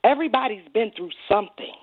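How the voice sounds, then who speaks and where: A woman's voice: a little high, animated, fast, no echo. A woman calls in as a guest and urges listeners in an emphatic, churchy way. Her voice comes over a tinny, dry phone line. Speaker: guest, anti-trafficking advocate. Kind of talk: radio interview on a phone line.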